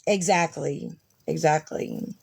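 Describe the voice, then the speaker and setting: A woman's voice: deep voice, takes it slowly, vocal fry, a little mellow, husky, dry recording. A woman vlogger talking casually and rambling, with frequent swearing and fillers as she reads through messages. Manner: rambling, profane, many fillers. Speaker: vlogger reading messages aloud. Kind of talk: casual storytelling.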